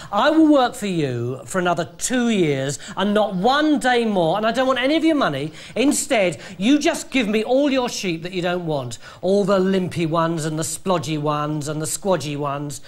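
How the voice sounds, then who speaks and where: A man's voice: high voice, expressive, moderate pace, pitched below the performer's own voice. A man voicing a hardworking, put-upon father who talks in a plain, exasperated way in a told story. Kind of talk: storybook character voice.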